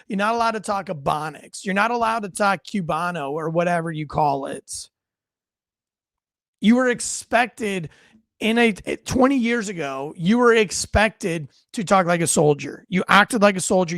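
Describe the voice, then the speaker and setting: Male host with a high voice and a blunt, crude, joking rant style, recorded dry. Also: lively intonation, moderate pace, fairly bright tone, dry recording. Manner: blunt, profane, wisecracking, reads chat aloud. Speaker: livestream show host and military veteran. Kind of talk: unscripted ranting commentary.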